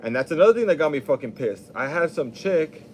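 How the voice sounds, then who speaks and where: A man's voice: a little high, lively intonation, fairly quick, a little hiss or hum. A young adult man hosting a podcast, talking casually in a rambling, profane, laid-back monologue.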